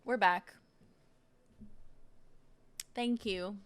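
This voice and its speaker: A woman's voice: medium pitch, fairly even intonation, extremely slow, clear, resonant tone. A woman streamer chatting casually with her viewers, playful, laughing often and swearing freely. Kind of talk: casual live-stream chat.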